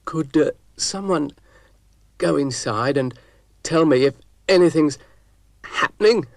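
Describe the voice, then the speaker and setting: A man's voice: extremely high pitch, huge pitch swings, slow, vocal fry, no echo, clean studio sound, pitched above the performer's own voice, full character voice. Man doing a flustered stammering old gardener. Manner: hesitant, stammering.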